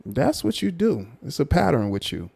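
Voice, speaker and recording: Gravelly guy hosting a live stream, keeps repeating himself, calling someone out. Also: a little high, sing-song, moderate pace, a little mellow. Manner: repetitive, emphatic, judging. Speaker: livestream host. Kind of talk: commentary on a livestream.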